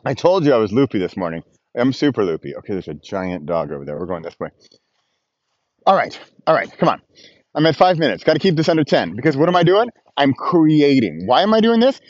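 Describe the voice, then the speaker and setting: A man talking as he walks outdoors, lively and self-mocking. His voice sits in a middle register and sounds close and dry, with a slightly dull, muffled quality. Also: mid-range voice, brisk, no room sound. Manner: animated, playful, laughs at himself. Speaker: vlogger. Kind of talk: walking vlog, casual monologue. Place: outdoors, walking.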